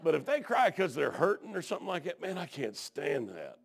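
A gravelly-voiced preacher man with a lively, rising and falling delivery. He tells folksy stories and drops amens often, going from hushed to shouting. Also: a little high, fairly quick. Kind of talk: sermon.

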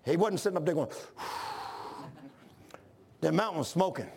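A man from Washington, D.C., preaching a sermon in a fervent, folksy way, often shouting and calling listeners "man". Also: fairly high pitch, lively intonation, takes it slowly, vocal fry, a little hiss or hum. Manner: folksy, says "man" a lot.

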